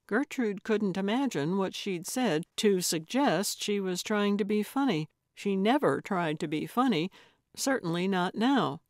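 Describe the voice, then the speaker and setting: Slow, measured woman narrator. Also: medium pitch, lively intonation, dry recording, clean studio sound. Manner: measured, unhurried reading. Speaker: audiobook narrator. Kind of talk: scripted narration.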